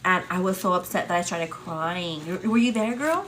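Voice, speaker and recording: A young woman hosting a morning livestream, telling a personal story in casual chat, full of "like" and "girl", acting out quotes in a higher voice. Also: normal speed, slight background noise. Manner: chatty, many fillers, acts out quotes with high excited pitch. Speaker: livestream host.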